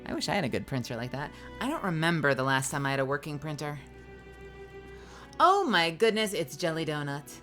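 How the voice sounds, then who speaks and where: A woman streamer and voice actor with a deep voice chats casually and playfully with her viewers, sleepy and yawning. She talks fast with hardly any pauses, lively and greeting viewers, while faint music plays behind her.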